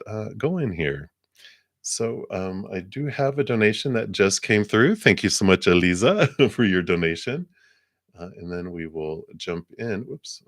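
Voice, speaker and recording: A man's voice: fairly low pitch, no room sound, clean studio sound. A middle-aged man hosting a live tarot card reading, chatting casually with viewers and thanking donors. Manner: relaxed and chatty, thanks donors, many fillers.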